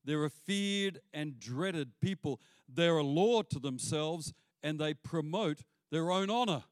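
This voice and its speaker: A man preaching a sermon as pastor, animated and acting out the voices he quotes. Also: fairly high pitch, takes it slowly, no room sound.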